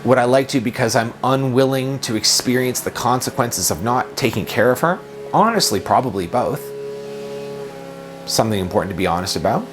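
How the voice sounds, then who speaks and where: Man in his thirties, productivity coach, earnest self-help talk, lively swinging pitch, soft music behind. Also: fairly quick. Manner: earnest, questioning, repeats phrases. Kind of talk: reflective self-help monologue.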